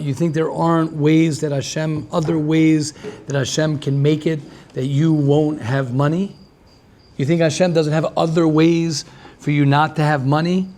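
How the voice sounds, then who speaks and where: A man who is a rabbi giving a lively class, repeating himself and restarting often as he talks with the audience. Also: on the high side.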